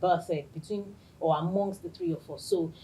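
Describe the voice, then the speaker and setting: A woman hosting a podcast, telling a personal story in an excited way and laughing often. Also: lowish voice, normal speed, a little hiss or hum, low-quality recording. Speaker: podcast host.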